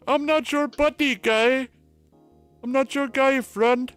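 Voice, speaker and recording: A man putting on a squeaky, hyper cartoon Canadian man who bickers in a shrill voice. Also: steady tone, slow, fairly bright tone, smooth, soft background music, exaggerated voice. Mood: squabbling.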